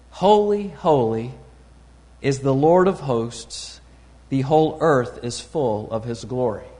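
A man delivers a sermon in a measured, teaching manner, stopping to search for words. His voice sits a bit high for a man. The sound rings with the long reverb of a large hall. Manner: deliberate, teaching tone with pauses and fillers. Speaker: preacher.

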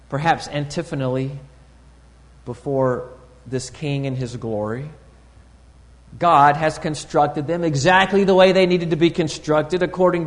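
In a large hall with long, ringing reverb, a male preacher gives a measured, instructive sermon, stopping with fillers and pauses to find his words. His voice is somewhat high for a man.

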